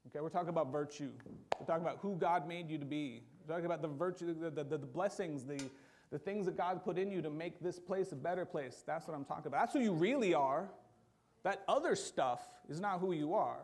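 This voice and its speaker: A man preaching a sermon in a church, talking in a conversational, animated way and acting out quotes along the way. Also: on the high side, quick pace, a little hiss or hum. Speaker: pastor.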